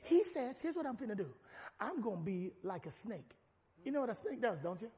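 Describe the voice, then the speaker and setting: A man preaching a sermon as pastor, animated and rising to shouts. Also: high voice, fairly quick. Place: large church hall. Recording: long hall reverb.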